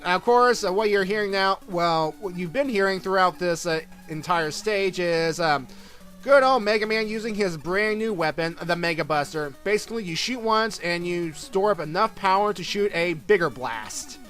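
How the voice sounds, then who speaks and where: A man's voice: sits high, moderate pace, fairly bright tone, soft background music. A man giving casual, rambling commentary over a video game playthrough, full of fillers and restarts. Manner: rambling, lots of fillers and self-corrections. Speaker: let's play commentator.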